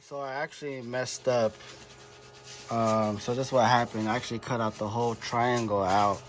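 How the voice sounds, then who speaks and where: A man's voice: medium pitch, steady tone, normal speed, noisy background. A man in a garage workshop, casually explaining a custom car part build step by step, with fillers. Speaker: car body shop builder. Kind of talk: casual how-to narration.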